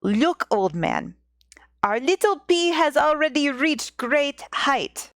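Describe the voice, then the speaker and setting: A woman voicing a curious old peasant woman in a put-on Russian accent, slow and drawn out. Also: sits high, lively intonation, fairly bright tone, no room sound, studio quality, voice pushed up, heavily acted. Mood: wondering. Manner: slow, drawn-out, breaking into giggles.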